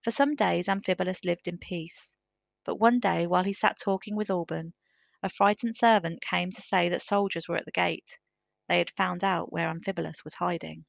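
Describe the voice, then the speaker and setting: Low, gravelly woman storyteller. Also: fairly even intonation, no echo. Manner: measured, careful reading. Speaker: narrator. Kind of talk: storybook reading.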